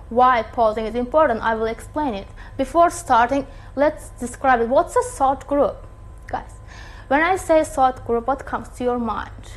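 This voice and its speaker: Slow high-voiced woman teaching English. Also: poor audio. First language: Turkish. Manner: slow, deliberate teacher talk with frequent checks. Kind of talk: online lesson.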